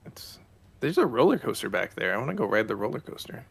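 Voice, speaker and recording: A man's voice: medium pitch, big pitch swings, fast, creaky, breathy edge. A man co-hosting a morning gaming show, chatting casually over gameplay and making dry joking asides. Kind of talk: casual chat while playing a game.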